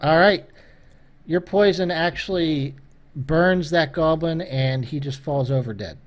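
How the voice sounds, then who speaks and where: A man acting as dungeon master, calmly walking players through their dice rolls in a tabletop game. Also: a little high, measured pace. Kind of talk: running a tabletop game over voice chat.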